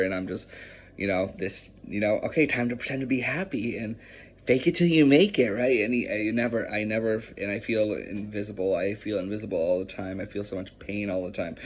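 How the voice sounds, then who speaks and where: A man talking in a personal confessional vlog, emotional and rambling, often swearing. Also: lowish voice. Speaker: vlogger. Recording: muffled with faint hiss.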